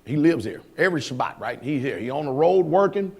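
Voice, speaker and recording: A man preaching a sermon as pastor, talking in a colloquial way with rhetorical questions, dropping to low asides and rising to shouts. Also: lively intonation, a little fast, vocal fry, breathy edge.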